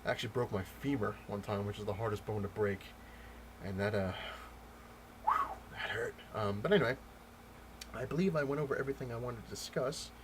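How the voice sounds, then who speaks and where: A man vlogging about comics, telling a story in a loose, rambling way with many pauses and restarts. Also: on the low side, heavy background noise. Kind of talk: casual storytelling rant.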